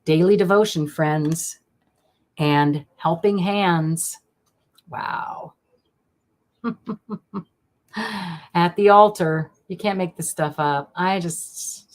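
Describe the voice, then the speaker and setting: A woman hosting a live stream of card readings, talking in a chatty, gushing way with lots of fillers and restarts. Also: lowish voice.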